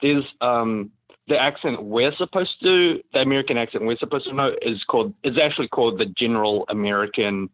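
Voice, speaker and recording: A man's voice: mid-range voice, brisk, dry recording. New Zealand man on a dry call line. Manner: animated, laughs often, many fillers. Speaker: actor guest. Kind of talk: casual podcast interview. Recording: dry, phone-like remote call audio.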